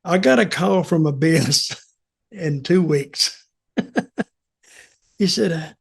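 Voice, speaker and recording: An older man telling a casual story, animated and full of acted quotes and chuckles. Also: a little high, slow pace, creaky, pauses often, husky. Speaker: storyteller and show guest.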